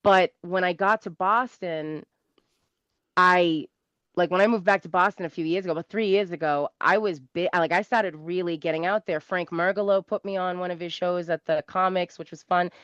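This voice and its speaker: Animated South Shore Massachusetts woman. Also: on the low side, normal speed, no room sound. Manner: animated, rambling, laughs often. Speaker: comedian guest. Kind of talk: casual storytelling interview. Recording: dull lo-fi dry sound.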